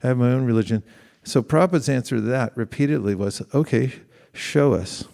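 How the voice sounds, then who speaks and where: A man's voice: medium pitch, quick pace, creaky, mellow. A middle-aged man giving a conversational sermon, asking the audience questions and acting out quoted exchanges. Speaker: spiritual teacher.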